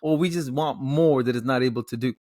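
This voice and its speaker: A man's voice: mid-range voice, brisk, darkish tone, dry recording, studio quality. A man co-hosting a casual podcast, asking thoughtful questions and searching for his words. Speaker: podcast co-host.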